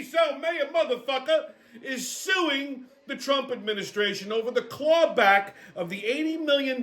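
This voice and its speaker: A man's voice: high-pitched, fairly bright tone. A middle-aged man hosting a profane, combative rant that keeps jabbing "okay?" at the listener. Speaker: host. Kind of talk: ranting commentary.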